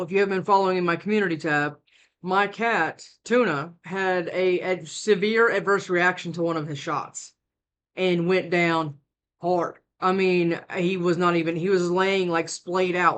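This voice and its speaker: A woman's voice: on the low side, moderate pace. A sleep-deprived woman reads tarot for her viewers from home, talking into a close mic. She rambles, trails off and starts her sentences over. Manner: rambling, with frequent restarts. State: worn out from lack of sleep. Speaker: tarot reader. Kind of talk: casual tarot reading to camera. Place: indoors at home. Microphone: desk mic, close.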